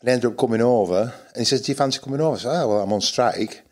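An older man from the North West of England whose accent carries a bit of Dutch. He chats in a relaxed, rambling way, full of fillers, restarts and mates, as an interview guest. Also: mid-range voice, very fast. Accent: Northern English with some Dutch. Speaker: guest angler. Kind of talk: casual interview chat.

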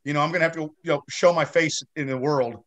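A man with a slightly raised pitch talks loosely and at length as a guest, circling back on himself with restarts and curse words. He is still shaken after a head injury, and it shows in the way his sentences wander before they land. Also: fairly even intonation, fast talker, fairly bright tone. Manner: rambling, many restarts, swears freely. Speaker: actor guest. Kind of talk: casual interview chat.

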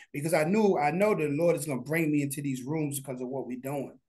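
A man's voice: fairly high pitch, fast, hardly any pauses, darkish tone. A man being interviewed as a guest, talking casually and heartfelt, often restarting his sentences. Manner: earnest, heartfelt, rambling with restarts. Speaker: studio founder, guest.

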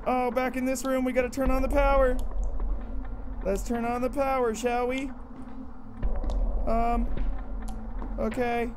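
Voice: high voice, level tone, unhurried, pauses often. A streamer giving live horror game commentary, panicky and swearing, muttering reassurances to themself. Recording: noisy game ambience behind.

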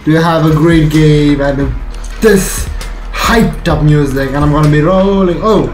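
A man giving rambling, excitable commentary over his gameplay. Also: a little high, soft background music, poor audio. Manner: excitable, rambling, fast bursts. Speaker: gaming YouTuber. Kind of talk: let's play commentary.

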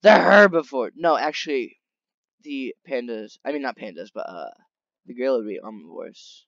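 A man giving casual, excitable gameplay commentary, chatting along and talking to the animals on screen. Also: mid-range voice, normal speed, creaky, no echo, highs cut off. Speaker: gaming video creator.

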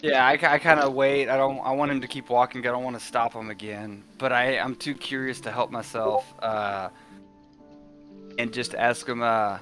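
Bright-voiced, halting male player. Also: medium pitch, level tone, faint music behind. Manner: halting, filler-heavy, laughing. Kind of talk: tabletop role-play, in and out of character.

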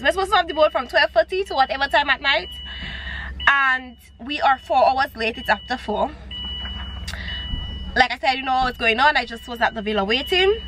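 A young woman chatting casually to her phone camera for a travel vlog, expressive and full of slang. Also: high voice, background noise. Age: young adult. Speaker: vlogger. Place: outdoors at a harbor.

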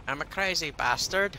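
A man with a strikingly bright, tense voice talks through a game, swearing and sarcastic, muttering his thoughts aloud. He speaks slowly, in an unhurried drawl. A faint hiss of noise sits under the recording. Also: fairly high pitch. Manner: profane, sarcastic, muttering to himself. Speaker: gameplay streamer. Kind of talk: casual gameplay commentary.

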